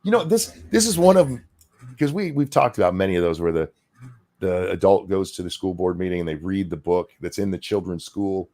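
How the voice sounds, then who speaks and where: Man, podcast co-host, gravelly, husky, lively swinging pitch, profane sarcastic rant. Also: fairly quick. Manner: profane, sarcastic, heated ranting.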